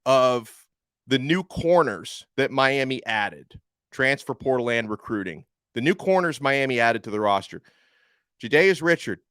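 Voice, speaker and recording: A man's voice: medium pitch, fairly bright tone, no room sound, studio quality. A man hosting a sports podcast, giving upbeat, conversational analysis with self-deprecating asides.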